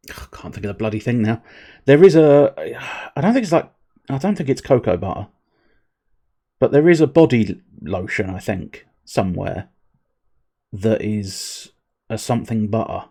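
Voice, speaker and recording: A man's voice: on the low side, expressive, moderate pace, darkish tone, husky. Rambling, sweary man streaming. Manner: rambling, jokey, sweary, talking to chat. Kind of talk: casual live-stream chat while gaming.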